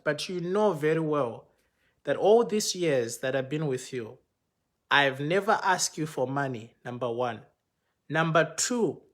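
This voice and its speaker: A pastor at home talks into his phone for a livestream, telling a personal story in a casual, unscripted way. His voice sits a bit higher than most men's, and he acts out the conversations he describes, getting higher and faster whenever he quotes someone else.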